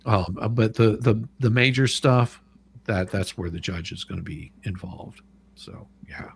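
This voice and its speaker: A man with a lowish voice explains things in a halting, casual way and often repeats himself mid-sentence. A faint hum runs under his voice. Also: gravelly. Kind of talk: casual chat.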